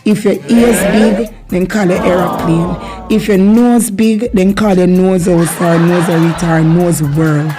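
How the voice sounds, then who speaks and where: A woman with a Jamaican accent hosting a casual video lesson on Patois, energetic and laughing often. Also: lowish voice, measured pace, few pauses, over music. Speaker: channel host teaching Jamaican Patois.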